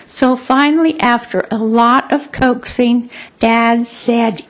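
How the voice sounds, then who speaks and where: A woman telling her own life story to listeners, expressive and repeating words for emphasis. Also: high-pitched, slow. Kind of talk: personal storytelling talk.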